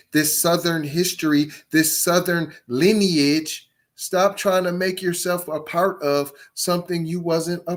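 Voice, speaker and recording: Reading an article on his podcast, a man with a voice on the high side keeps stopping to add forceful commentary full of rhetorical questions.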